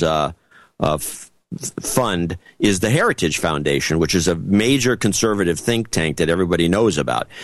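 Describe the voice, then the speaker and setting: Man, podcast co-host, sarcastic, lively pitch, halting restarts, dry close mic. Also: no room sound. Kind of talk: casual political chat.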